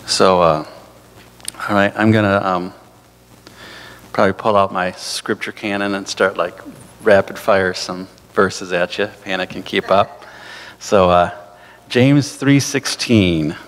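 Low, gravelly man preaching in a hall. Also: little pitch movement, unhurried, long pauses, a bit bright. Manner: conversational, loose preaching with fillers and asides. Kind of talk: sermon. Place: church sanctuary. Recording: hall reverb from a church.

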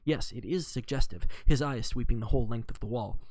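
A man reading aloud, voicing a fussy, precise elderly male detective who talks in a brisk, exacting way with French phrases. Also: mid-range voice, dark tone, no echo, lightly acted. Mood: musing.

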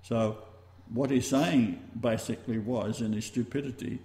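A man with an Australian accent hosting a talk-radio show, rambling and halting as he goes. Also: mid-range voice, steady tone, dark tone, echoey room. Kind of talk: casual talk-radio chat.

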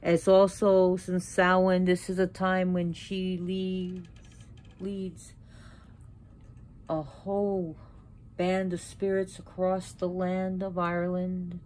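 A woman's voice: lowish voice, little pitch movement, slow, a little mellow. A woman hosting her own channel, talking casually about mythology while setting up an altar at home, rambling and correcting herself as she goes. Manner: rambling, self-correcting, with sudden outbursts. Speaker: pagan video host.

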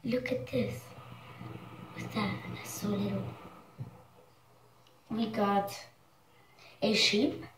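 Casual vlogger, woman, excitable and squeamish; roomy, distant camera-mic sound with faint background hiss. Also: mid-range voice, very slow, long pauses. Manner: chatty, excitable, squeamish exclamations. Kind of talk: casual vlog chat.

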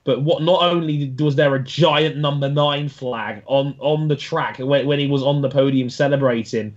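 A man's voice: medium pitch, fairly even intonation. A man with a mid-range voice praises riders with eager, stop-start enthusiasm. The recording sounds dull and lo-fi. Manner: enthusiastic, halting with restarts. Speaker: podcast co-host. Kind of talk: casual motorsport chat.

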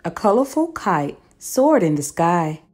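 A woman reading a children's picture book aloud, slow and deliberate. Her pitch swings widely to keep young listeners hooked, and soft music plays behind her. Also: sing-song, slightly rough. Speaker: storyteller for children.

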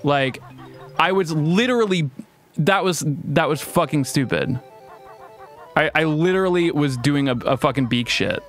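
A young man giving casual, profane, excitable commentary while streaming a game. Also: fairly high pitch, unhurried, faint music behind.

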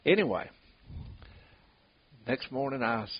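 A man's voice: mid-range voice, lively intonation, takes it slowly, husky. An older man, telling folksy stories in casual conversation and laughing at his own tales. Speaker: bloodhound tracker. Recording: dull lo-fi recording with hiss.

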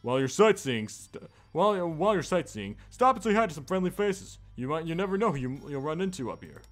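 A man's voice: a little high, big pitch swings, fairly quick, soft background music, pitched above the performer's own voice. Cyborg, an earnest superhero, as a man puts him on. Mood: friendly. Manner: earnest, stumbles over words while reading. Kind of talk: reading game dialogue aloud.

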